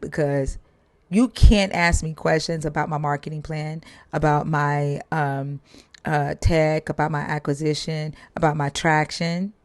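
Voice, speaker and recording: A woman hosting a livestream, chatting casually and telling stories in an animated way, swearing freely. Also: sits low, no echo. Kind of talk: casual chat.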